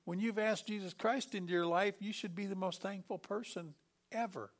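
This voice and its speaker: A man in middle age preaches with animated energy, his voice sitting a little high for a man. He jumps into quoted voices and throws in sudden loud bursts before dropping back to a calm, even preaching tone. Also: moderate pace. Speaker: pastor. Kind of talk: sermon.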